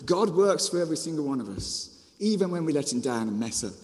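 A man from Birmingham with a Birmingham accent, preaching a storytelling sermon as a children's ministry author, with a lively manner full of restarts and asides. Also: a little high, fast, big-room sound. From Birmingham, England.

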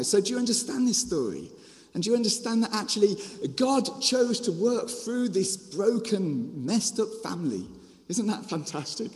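A man from Birmingham with a Birmingham accent, preaching a storytelling sermon as a children's ministry author, with a lively manner full of restarts and asides. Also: high voice, long reverb tail. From Birmingham, England.

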